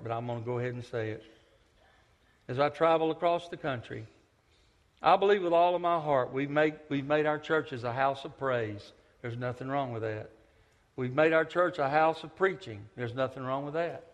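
Animated preacher in an echoey church. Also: male voice, mid-range voice. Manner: animated storytelling, swings from loud to hushed. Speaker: pastor, visiting preacher. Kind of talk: sermon. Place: church sanctuary.

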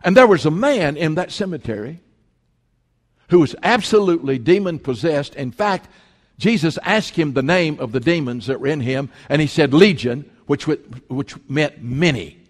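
A man's voice: on the high side, animated, normal speed. A man preaching a sermon as pastor, emphatic and repeating his points for stress. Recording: long hall reverb.

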